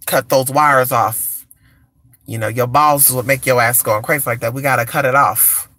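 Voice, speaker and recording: A man's voice: mid-range voice, fairly even intonation, moderate pace, bright, forceful tone, no echo. A man from California hosting a casual live stream chat, flamboyant and sassy, calling listeners honey and cheering on the chat. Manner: cheers on chat with repeated come on. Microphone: phone or computer mic on a live stream.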